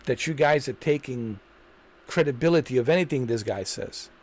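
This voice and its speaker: A man's voice: mid-range voice, normal speed, a little mellow. A man hosting a commentary video, ranting in an indignant, repetitive way and hammering the same points. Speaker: commentary channel host.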